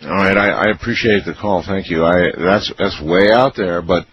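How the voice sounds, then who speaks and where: A man hosting a call-in radio show, taking callers with relaxed, brief interjections. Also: sits low, moderate pace, muffled recording, a little hiss or hum. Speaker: radio host. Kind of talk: late-night call-in radio.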